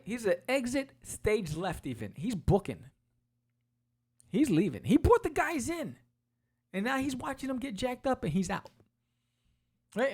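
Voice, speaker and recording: A man hosting a podcast, walking casually through a comic book and acting out its quotes in quick voices. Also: sits high, darkish tone, slightly rough. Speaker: podcast host.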